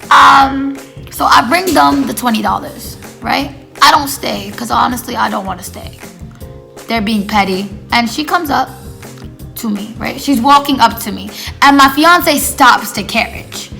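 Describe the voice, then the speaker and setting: A woman tells a casual storytime in a gravelly, slightly high voice. She rambles and leans on fillers, slipping into quoted dialogue as she goes. Faint music plays behind her. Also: unhurried, pushed and bright. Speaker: storytime vlogger.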